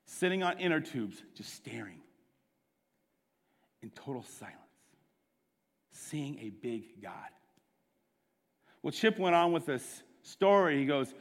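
A man preaching a sermon, telling a story with quick bursts and dramatic hushes. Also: mid-range voice, big-room sound. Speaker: pastor.

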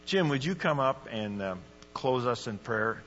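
Bright-voiced man preaching in a church. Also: medium pitch, unhurried, soft background music. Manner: casual, excitable preaching with bursts of shouting. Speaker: guest preacher. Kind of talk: sermon. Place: church sanctuary. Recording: dull lo-fi recording in a reverberant church.

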